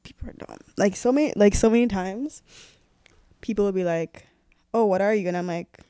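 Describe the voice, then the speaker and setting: Young woman, casual chat, animated storyteller, acts out dialogue, laughs often, dry close sound. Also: mid-range voice, fairly quick, clear, resonant tone, no room sound. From Jamaica.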